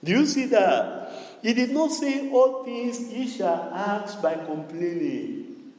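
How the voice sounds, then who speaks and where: Male pastor, high animated pitch, unhurried call-and-response sermon, church hall echo with long reverb. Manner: call-and-response preaching, repetitive, sing-song cadence.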